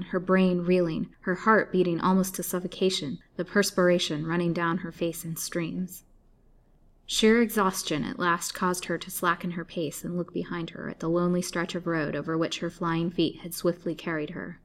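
A woman storyteller reading an old serialized novel aloud in a measured, dramatic way. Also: on the low side. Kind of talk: scripted narration of a serialized novel.

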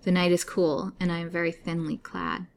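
A young captive woman, bitter and despairing, as a woman reader voices her. Her pleas are earnest. The voice sits low. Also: little pitch movement, normal speed, natural voice. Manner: bitter, pleading.

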